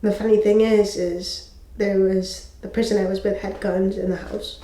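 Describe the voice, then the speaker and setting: A woman's voice: medium pitch, level tone, warm tone. Earnest woman sharing a testimony, echoey room. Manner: emotional, halting, earnest. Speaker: faith video host. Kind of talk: personal testimony to camera.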